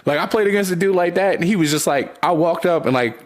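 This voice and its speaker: A man's voice: high-pitched, fast. A young man co-hosting a podcast, telling stories in a loose casual chat, laughing often and swearing freely. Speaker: podcast co-host.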